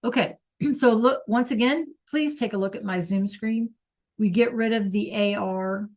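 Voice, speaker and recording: A woman teaching a class over a video call, explaining slowly and patiently and checking in with "okay?" all the time. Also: medium pitch, darkish tone. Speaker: Spanish teacher.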